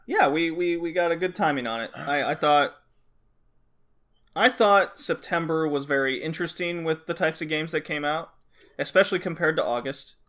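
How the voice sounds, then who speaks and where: Chatty man explaining games, higher voice. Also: moderate pace, a bit bright. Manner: explains at length with restarts and frequent "okay?" check-ins. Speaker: podcast co-host. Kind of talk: casual podcast chat.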